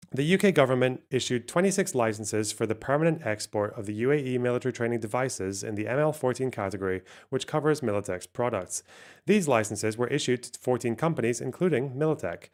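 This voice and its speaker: A man's voice: mid-range voice, darkish tone. A man, a streamer, reading news articles aloud on a live stream and adding dry asides.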